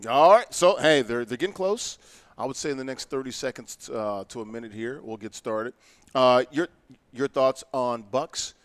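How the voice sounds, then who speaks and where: A man's voice: mid-range voice, moderate pace, no echo. A man casually commentating a live esports basketball game, easygoing and jokey. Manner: jokey, easygoing, chuckles often.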